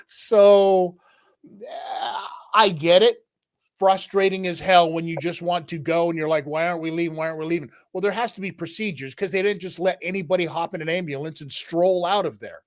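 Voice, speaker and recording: A man hosting a boxing podcast, talking in a wry, unhurried way. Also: sits high, dry recording, clean studio sound. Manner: unhurried, wry, drawn-out phrasing. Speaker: podcast host. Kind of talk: casual boxing podcast chat.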